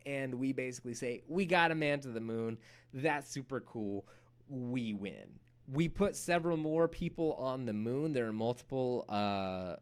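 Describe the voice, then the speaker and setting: Man giving a casual history lecture. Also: medium pitch. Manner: casual, animated storytelling with playful acted-out quotes. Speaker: history teacher. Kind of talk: recorded lecture.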